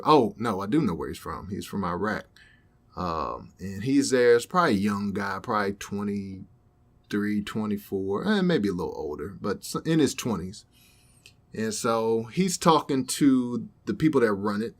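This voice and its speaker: A young man co-hosting a podcast, telling a story in casual chat and acting out the people he quotes. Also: fairly low pitch. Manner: animated storyteller, acts out quoted voices. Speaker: podcast co-host.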